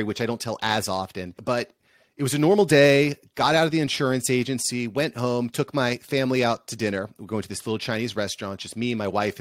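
A man from the United States, a podcast agency founder, telling stories in an upbeat, animated way as an interview guest. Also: mid-range voice, no echo, studio quality. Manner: upbeat, energetic, animated storyteller. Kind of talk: casual interview storytelling.

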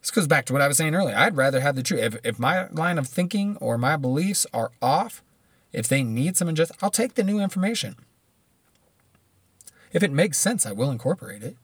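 Blunt, swearing man with a higher voice. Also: animated, a little fast, slightly rough, dry recording. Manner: blunt, swearing, rambling with restarts. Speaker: commentator. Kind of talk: profane casual commentary.

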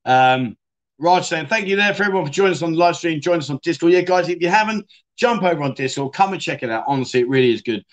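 A middle-aged man hosts a relaxed livestream, reading viewer comments aloud and joking with his audience. His voice sits a bit higher than most men's, and his delivery is loose and chatty. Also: quick pace. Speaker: livestream host.

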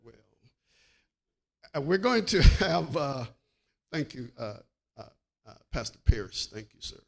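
A man who is a pastor, preaching fervently at a funeral service and then making announcements, building up to exclaiming shouts. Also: medium pitch, sing-song, slow pace, gravelly. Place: church.

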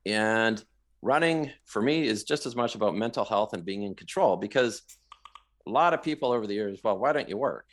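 A man from Canada, a guest in an interview, telling his story in a rambling, animated way, often repeating words. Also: on the low side, moderate pace.

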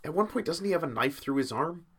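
Animated male podcast host. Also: on the high side, fast talker, a little hiss or hum. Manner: animated, breaks into laughter. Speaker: podcast host and game judge. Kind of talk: casual podcast banter.

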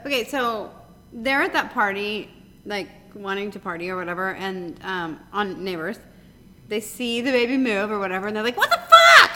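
A woman's voice: medium pitch, moderate pace, fairly bright tone. A woman in her thirties co-hosting a casual chat, wry and laughing, swearing casually. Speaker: podcast co-host. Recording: roomy reverb with faint noise.

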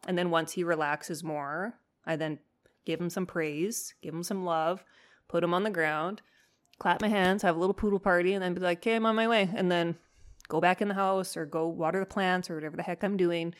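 A woman dog trainer hosting her podcast, telling stories in a casual, animated way, swearing freely and acting out her own lines. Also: lowish voice, normal speed. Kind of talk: casual storytelling monologue.

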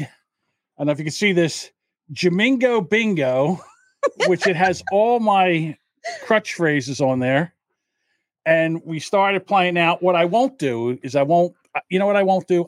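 A man's voice: on the high side, animated, a little slow, no room sound, studio quality. A man hosting a casual after-show podcast, rambling a little tipsy and reading viewer comments aloud. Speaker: podcast host. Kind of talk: casual drunken chat.

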